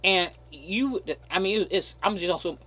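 A man's voice: high-pitched, normal speed, pushed and bright. A man preaching a sermon, stressing key words and stretching them out, often repeating himself. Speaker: pastor.

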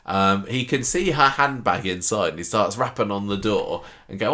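A man co-hosting a podcast, chatting casually and retelling soap scenes with quick impressions of the characters. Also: lowish voice, bright, forceful tone. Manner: chatty, jokey, recounts scenes in quoted voices. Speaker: podcast co-host. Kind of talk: casual chat recapping a soap.

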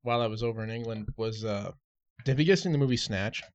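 A man's voice: lowish voice, quick pace. Man telling stories on a dull recording. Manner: rambling, animated anecdotes with laughs. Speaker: podcast co-host. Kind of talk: casual storytelling.

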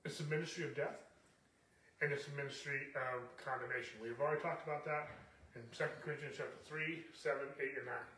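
A man's voice: mid-range voice, fairly even intonation, fairly quick, sharp tone, reverberant, recorded from a distance. A male pastor preaching a sermon in an emphatic, repetitive style, with frequent "okay?" checks to the congregation.

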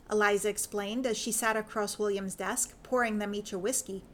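A woman narrating a fan fiction story in an even, measured reading voice. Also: medium pitch.

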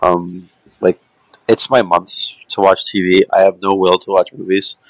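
A man's voice: deep voice, little pitch movement, a little slow, no room sound, low-quality recording. A man chatting casually as a podcast co-host, rambling loosely with lots of fillers and asides. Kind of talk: casual chat.

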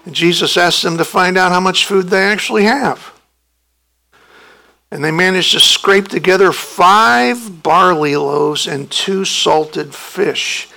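A man preaching a sermon as pastor, emphatic and animated, his voice jumping up when he acts out the disciples' protests. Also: high voice, takes it slowly, vocal fry, poor audio.

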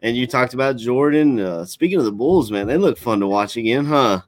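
A man's voice: medium pitch, expressive, brisk, dry recording. A man talking football in a casual, folksy and passionate way. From Kentucky. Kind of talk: casual sports chat.

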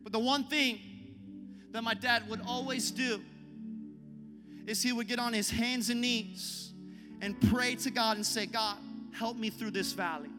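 A young man preaching a sermon in a church, moving from hushed storytelling to passionate shouted calls to the congregation. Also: extremely high pitch, fairly even intonation, a little slow, long pauses, big-room sound, over music. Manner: impassioned, repeats rallying lines, swings from hushed storytelling to shouting. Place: church hall.

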